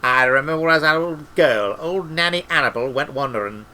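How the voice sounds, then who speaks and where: A man's voice: fairly high pitch, moderate pace, bright, forceful tone. A man doing a tart old witch woman. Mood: musing. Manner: tart, brusque, scolding. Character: stern sharp-tongued old village witch woman. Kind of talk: storybook reading.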